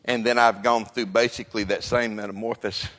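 An older man preaching a sermon, swinging between quiet talk and shouting. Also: on the low side, little pitch movement, fairly quick. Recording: long echo of a large hall.

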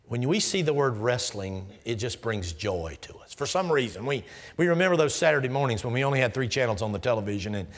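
A man in his sixties preaching an emphatic sermon in numbered points, sometimes dropping to a hushed aside. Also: medium pitch, sing-song, fast talker. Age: 60s. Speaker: guest preacher.

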